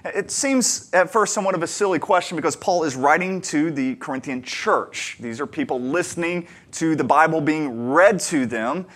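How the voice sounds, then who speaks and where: A man's voice: on the high side, normal speed, hardly any pauses. A man preaching a sermon, telling a personal story in a conversational, earnest way and pressing his listeners with emphatic questions. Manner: earnest, conversational, swings between quiet asides and emphatic questions. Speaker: pastor.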